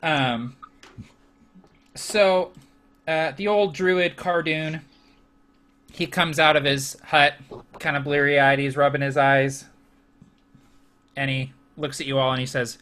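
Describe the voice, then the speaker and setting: A man runs a tabletop game, narrating loosely with plenty of ums and uhs. His voice sits a bit high and sounds bright. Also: fairly even intonation, slow, pauses often. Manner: loose narration with many fillers. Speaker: game master.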